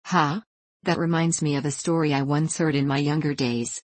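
A woman's voice: low voice, fairly even intonation, normal speed, no echo. A woman reading the part of a talkative, proud elderly male vicar in a rambling, self-amused way. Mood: genial.

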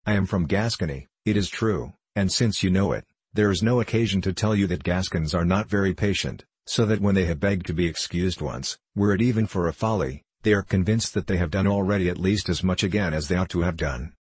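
A proud, quick-tempered young Gascon, as a man reads him. Low and slightly husky, delivered earnestly in a dry close recording. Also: darkish tone, dry recording. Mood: indignant. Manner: earnest, quick to take offence.

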